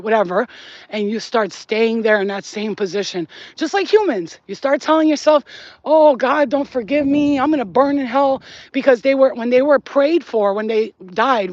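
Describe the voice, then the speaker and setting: A woman's voice: a little high, dry recording, muffled recording. A woman hosting a spiritual channel, talking casually to camera in a blunt, emphatic and profane way.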